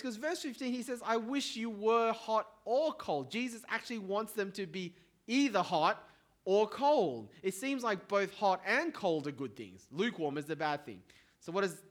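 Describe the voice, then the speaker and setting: A middle-aged man preaching a sermon as pastor, in a conversational, lively way with asides to the congregation. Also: high voice, moderate pace.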